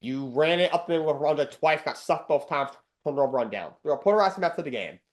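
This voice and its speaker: Host type: man with a slightly higher voice, blunt, rants, repeats points for emphasis. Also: animated, fast. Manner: blunt, ranting, repeats himself. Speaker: sports podcast host. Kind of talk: opinionated solo sports talk.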